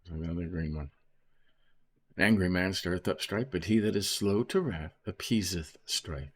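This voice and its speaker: Here a man speaks at a normal pace in a deep voice, reading Bible passages aloud and explaining them informally. He checks in often with "okay?" and "right?", giving it the feel of a laid-back Bible study.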